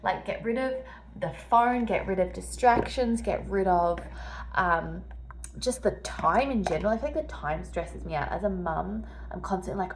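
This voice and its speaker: A woman's voice: medium pitch, expressive, normal speed, far from the mic, a little hiss or hum. A young Australian woman, a mum, chatting reflectively in a casual travel vlog with lots of fillers. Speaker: vlogger. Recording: roomy, off-mic, light ambience.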